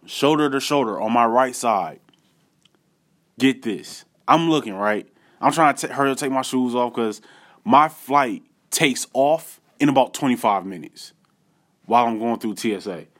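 A man tells a personal story in an easygoing, animated way. He talks straight to his audience with a mid-range voice, slangy asides and loose fillers. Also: medium pitch. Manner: animated, addresses viewers directly with slangy asides. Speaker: vlogger. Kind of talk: casual storytelling to camera.

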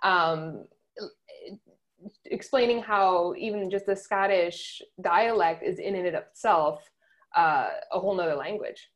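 A woman's voice: lowish voice, a little slow. A woman being interviewed as a guest on a podcast, talking in an upbeat, easygoing way. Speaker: guest, comic book writer. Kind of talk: casual interview chat.

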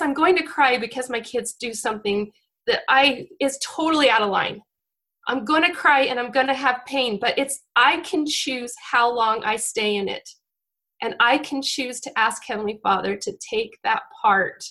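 A woman's voice: fairly high pitch, unhurried, pushed and bright. A woman, around her forties, giving a heartfelt devotional talk to her congregation, close to tears and often restarting her sentences. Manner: heartfelt and emotional, with frequent restarts. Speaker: church speaker.

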